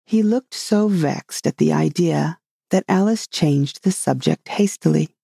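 A reader narrating a classic storybook in a steady, measured way. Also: medium pitch, vocal fry, slightly rough, no room sound, studio quality.

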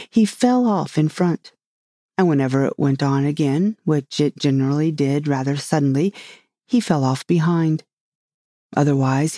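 An audiobook reader narrating a storybook calmly and evenly. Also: mid-range voice, no room sound, clean studio sound. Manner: calm, even storytelling.

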